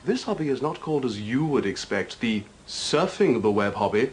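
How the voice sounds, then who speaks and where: A man's voice: mid-range voice, big pitch swings, normal speed, pitched below the performer's own voice, natural voice. An English man playing a pompous, self-important male hobby obsessive in a comedy sketch, lecturing and ranting.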